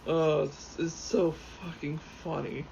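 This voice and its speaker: A rambling, excitable man commenting casually while he plays, swearing freely and jumping between thoughts. His voice sits a little high for a man. The recording is dull and lo-fi, with a faint hiss of noise behind him. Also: takes it slowly, gravelly. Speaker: gaming YouTuber.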